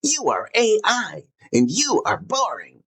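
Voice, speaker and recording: A man's voice: high voice, huge pitch swings, slow, gravelly, bright, forceful tone, slightly rough, pitched above the performer's own voice, heavily acted. A man voicing a would-be abuser who taunts his target with scornful insults. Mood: taunting. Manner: sneering, taunting.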